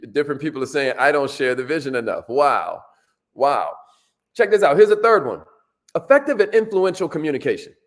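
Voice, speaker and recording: This voice sits on the high side: a man leading a workshop as a motivational speaker, lively and relaxed. He says things more than once and prompts listeners to answer back.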